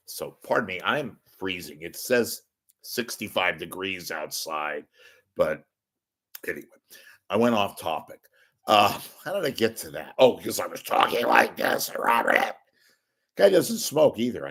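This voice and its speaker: A man hosting his own show, ranting casually to camera in a rambling, wisecracking, profane way, often clearing his throat. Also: lowish voice, pushed and bright. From San Francisco Bay Area. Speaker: host of a media commentary show. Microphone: webcam or camera at desk.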